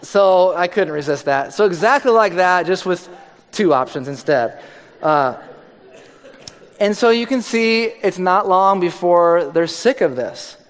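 A man's voice: sits high, animated, unhurried, in a large hall. A male pastor giving a conversational, joking sermon.

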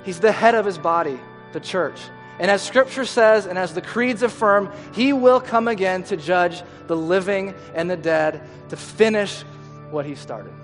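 High-voiced man preaching in an echoing hall. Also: normal speed. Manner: earnest, emphatic preaching with dropping phrase endings. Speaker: pastor. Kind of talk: sermon. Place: church sanctuary. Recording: hall reverb with faint music.

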